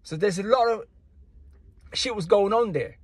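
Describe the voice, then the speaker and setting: In casual boxing commentary, a man with a high, husky voice goes on an indignant, slangy rant, returning again and again to the same points. He talks at a normal speed, and the recording is dry and close with no sense of a room around it.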